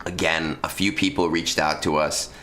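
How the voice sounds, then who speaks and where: A man's voice: very deep voice, fairly even intonation, normal speed, sharp tone. A man streaming live, chatting casually with viewers from a room at home into a close microphone, rambling and swearing with many restarts and ums, with a lingering cough after an illness.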